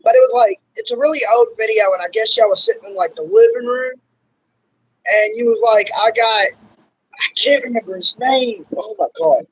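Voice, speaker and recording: A young Kentucky man with a Southern accent hosts a casual interview, rambling loosely and dropping plenty of "like" and "y'all." His voice is high, brisk, and fairly bright. The low-quality recording carries a little hiss or hum.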